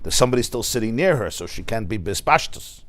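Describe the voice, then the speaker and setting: A man teaching a class as a rabbi, telling anecdotes and often shouting the punchlines. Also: fairly low pitch, animated, fast talker. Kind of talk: lively classroom lecture with anecdotes.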